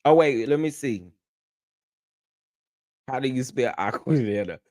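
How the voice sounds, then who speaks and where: A man hosting a livestream, ranting casually in a sassy, animated way and laughing often. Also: mid-range voice, unhurried. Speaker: livestream host.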